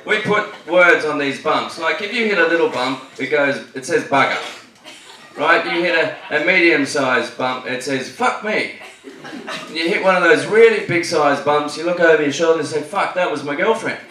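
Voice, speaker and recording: A man's voice: on the high side, normal speed, sharp tone. A man with an Australian accent doing a stand-up set at a comedy club, telling cheeky, swear-filled stories. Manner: cheeky, swears a lot, tells story jokes. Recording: echoey club, distant mic, noisy.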